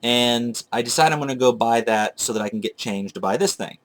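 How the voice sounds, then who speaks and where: A retro game collector vlogger with a medium-pitched, slightly bright voice speaks briskly to camera. He tells a long, digressive story about hunting down old video games, chatting casually and correcting himself along the way.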